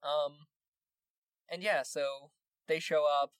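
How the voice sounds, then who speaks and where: Man running a tabletop game in a laid-back, filler-heavy style. Slightly high voice, dry close-mic sound with no room echo. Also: slow, clean tone. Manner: relaxed, filler-heavy narration. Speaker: game master.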